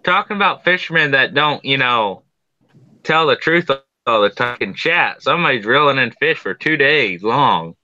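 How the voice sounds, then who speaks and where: Guy with a really bright sharp voice, stop-start talk, muffled dry audio. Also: mid-range voice, expressive, no echo. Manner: halting, trailing off. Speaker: guest. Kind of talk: casual live-stream chat.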